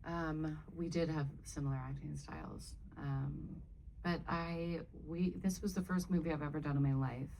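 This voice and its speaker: Low, gravelly-voiced woman rambling. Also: steady tone, moderate pace, darkish tone, slight background noise, poor audio. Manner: rambling, self-interrupting, laughs often. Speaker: actress, panel guest. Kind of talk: casual Q&A talk. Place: live Q&A panel before an audience.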